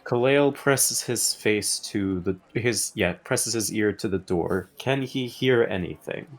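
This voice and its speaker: A man's voice: lowish voice, slow pace. A man playing a tabletop game, describing his character's moves and correcting himself as he goes. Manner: narrates his character's actions, self-correcting. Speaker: player. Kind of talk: casual tabletop role-play.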